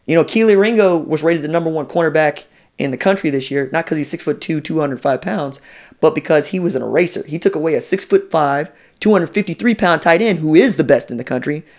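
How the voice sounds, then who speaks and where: A man in a casual sports podcast chat, telling recruiting stories with animated energy and slipping into quoted voices. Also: a little high, brisk. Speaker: college football recruiting analyst.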